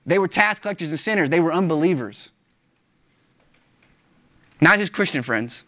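Lively and emphatic, a pastor delivers a sermon at normal speed. His talk stays casual and full of slang, with his pitch jumping high to stress key words.

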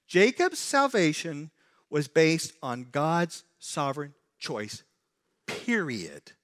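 A man in his forties preaching with fervor, his voice sitting a little higher than most men's. He climbs to loud, insistent pleading, then drops to a hushed, earnest tone. It sounds like a pastor working through a sermon. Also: animated, measured pace. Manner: impassioned, swings from loud pleading to quiet earnest.

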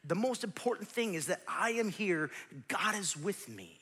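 Animated pastor with a bright voice. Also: male voice, sits high, moderate pace, breathy edge, long reverb tail. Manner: animated, swings from loud shouting to near whispers; jokey asides to the congregation. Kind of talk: sermon.

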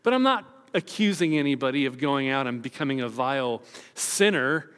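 A man's voice: medium pitch, animated, normal speed, a bit bright, smooth, big-room sound. A man preaching a sermon as pastor, retelling the story and acting out the quoted voices.

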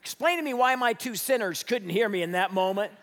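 High-voiced pastor in echoing hall. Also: male voice, a little fast. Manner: storytelling, animated, shouts in retellings. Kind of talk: sermon. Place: church sanctuary. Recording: echoey church hall.

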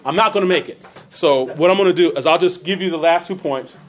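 A man teaching a church Bible class, earnest, repeating phrases for emphasis and reading scripture slowly with stressed words. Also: a little high, a little hiss or hum.

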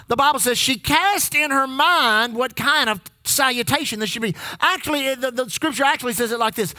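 High, bright-voiced preacher in a sermon. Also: male voice, brisk, no room sound. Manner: call-and-response preaching, repeating lines for the congregation; swings between loud emphasis and low asides. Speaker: pastor.

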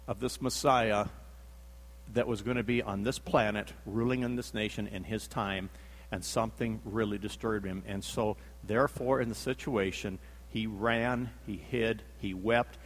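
A man's voice: mid-range voice, in a large hall. A man preaching a sermon, telling the story dramatically, acting out the quotes and repeating himself for emphasis.

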